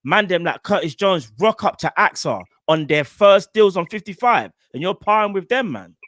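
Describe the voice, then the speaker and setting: Animated man, slangy, dry sound. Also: high voice, normal speed, dry recording. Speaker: football podcast co-host. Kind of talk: casual chat.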